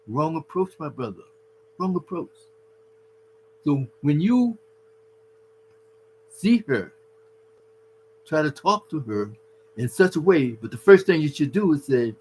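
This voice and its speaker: A man's voice: fairly high pitch, expressive, slow pace, long pauses, slight background noise, low-quality recording. A man giving earnest, preachy relationship advice to husbands, calling the listener his brother. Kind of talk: casual advice talk.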